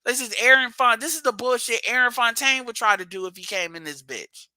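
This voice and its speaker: A man's voice: very high voice, a little fast, sharp tone, clean tone, no echo. A man hosting a livestream, ranting bluntly and profanely and hammering his points through repetition. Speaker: livestream host.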